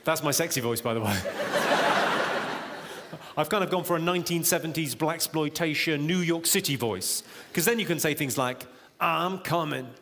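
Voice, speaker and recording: A man doing live stand-up comedy in a large auditorium, deadpan and teasing the crowd. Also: fairly high pitch, normal speed, noisy background. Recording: echoey live hall, loud audience laughter. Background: audience laughter.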